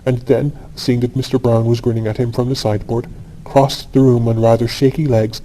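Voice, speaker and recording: A man narrating a classic short story as a sleep audiobook, in a calm, even, unhurried reading. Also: mid-range voice, slight background noise, rough recording.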